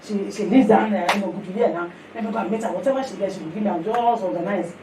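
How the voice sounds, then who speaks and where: A woman preaching, telling a testimony in animated storytelling that slips into pidgin, then leading prayer. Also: mid-range voice, quick pace, background noise. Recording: echoey hall from far off.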